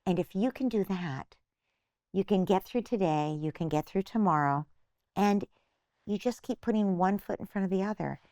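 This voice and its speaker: A woman's voice: mid-range voice, normal speed, dark tone, no echo, clean studio sound. An older woman, a psychotherapist being interviewed, patiently explaining parenting advice and acting out little imagined phrases. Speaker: guest psychotherapist.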